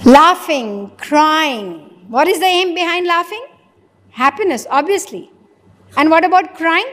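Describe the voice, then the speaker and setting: A woman with a high voice delivers a philosophy lecture to listeners. She poses rhetorical questions and acts out imagined conversations. Her voice rings with a long reverb, as if in a large hall. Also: expressive, a little slow, a bit bright. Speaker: spiritual lecturer.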